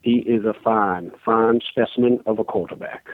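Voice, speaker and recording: A man's voice: lowish voice, fairly even intonation, moderate pace, dry recording, close to an everyday voice. A man playing a genteel, grandiose Southern caller with a Mississippi accent, talking in formal, flowery phrases. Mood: pompous. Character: pompous genteel Southern man, football star's cousin. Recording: phone line.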